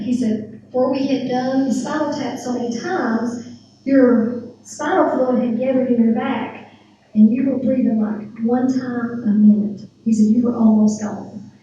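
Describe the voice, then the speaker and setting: A middle-aged woman giving a church testimony, retelling events with lively quoted dialogue. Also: a little high, far from the mic, a little hiss or hum. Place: church sanctuary. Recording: very echoey church hall from afar.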